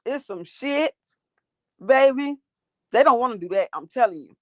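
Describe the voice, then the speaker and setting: A woman's voice: high voice, lively intonation, normal speed, dry recording. A woman hosting a livestream, ranting and talking back to her chat in a profane, confrontational way. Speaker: livestream host.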